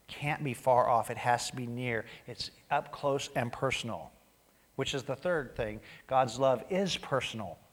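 A man preaching a sermon as pastor, animated, acting out quoted voices and dropping to a near-whisper for emphasis. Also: medium pitch. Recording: long hall reverb.

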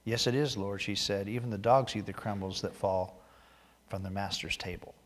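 A man preaching a sermon, reading scripture aloud and growing loud and emphatic as he drives points home. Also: fairly low pitch, steady tone, normal speed, long reverb tail. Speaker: pastor.

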